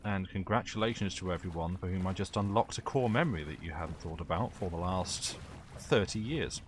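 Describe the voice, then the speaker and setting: A man's voice: sits low, fairly quick, slight background noise. A man streaming a horror game live, chatting with wry asides. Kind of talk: live gameplay commentary.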